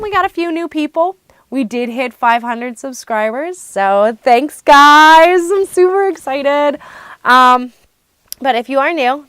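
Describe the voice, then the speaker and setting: A woman hosting a craft podcast in casual chat, bubbly and excitable. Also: on the high side, clean tone, no echo. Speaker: podcast host.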